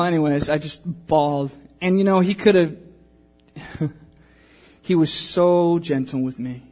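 A man in his thirties preaches a sermon to his church. He speaks in a fairly high voice and slips into the voices of the people in his story as he tells it. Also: unhurried, pauses often. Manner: animated storytelling, acting out quotes. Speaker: pastor.

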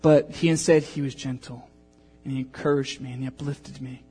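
A man's voice: mid-range voice, fairly quick, slightly rough, faint music behind. A man in his thirties preaching a sermon, telling a personal story and acting out the voices in it. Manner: animated storytelling, acting out quotes. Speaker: pastor.

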